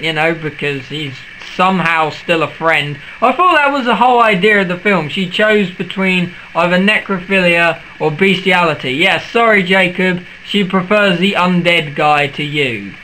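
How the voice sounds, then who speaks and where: A man's voice: high voice, normal speed, few pauses, bright, forceful tone, slight background noise, rough recording. A young man ranting sarcastically in a vlog, swearing often and mocking what he describes. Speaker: vlogger. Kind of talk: ranting film rant vlog.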